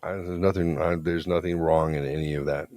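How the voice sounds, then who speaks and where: A man's voice: very deep voice, steady tone, fairly quick, a little mellow, dry recording. A man co-hosting a podcast, telling a story in a blunt, profane, confident way. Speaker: podcast co-host. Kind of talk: casual storytelling chat.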